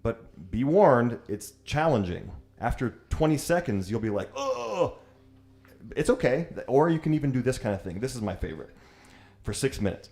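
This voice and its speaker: A man's voice: mid-range voice, expressive, a little fast, a little mellow, faint music behind. A man teaching yoga, guiding a breathwork class in an easygoing, joking and encouraging way.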